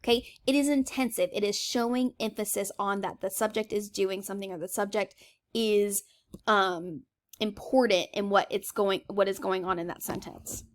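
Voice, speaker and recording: Woman teacher, mid-pitched, chatty and emphatic, recorded grammar lesson. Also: fairly even intonation, moderate pace. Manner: chatty, emphatic, checks in with "okay?".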